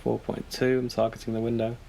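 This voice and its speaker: A man reading out meter values flatly during a paranormal investigation. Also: medium pitch, fairly quick, vocal fry. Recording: loud background noise.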